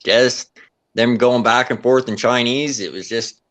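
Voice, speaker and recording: A man's voice: mid-range voice, fairly even intonation, measured pace, a bit bright. A laid-back man chats casually, dropping swear words freely as he talks. His delivery is loose and offhand. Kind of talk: casual chat.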